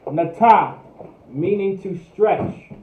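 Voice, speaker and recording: A man's voice: sits high, takes it slowly. A man teaching a livestreamed language class, repeating each word over and over as he drills it. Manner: repetitive, drills each word, thinks aloud. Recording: echoey, distant, tinny phone-like sound.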